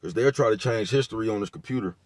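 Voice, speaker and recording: Talking fast in a lowish voice, a man gives laid-back vlog commentary straight to camera, a repetitive rant thick with slang and profanity from start to finish. It's recorded close and dry, without echo or any room sound.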